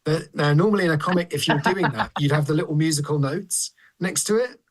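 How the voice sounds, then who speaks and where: A man co-hosting a podcast, chatting casually in a measured, hesitant, dry way. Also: a little high. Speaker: podcast co-host.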